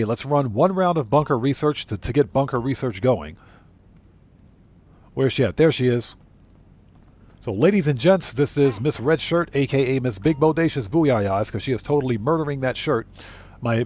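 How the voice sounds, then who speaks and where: Male game streamer, relaxed rambling live commentary, mid-pitched. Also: moderate pace. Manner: rambling, easygoing, many fillers and self-corrections. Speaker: GTA streamer and content creator. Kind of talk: live gameplay commentary, reading chat.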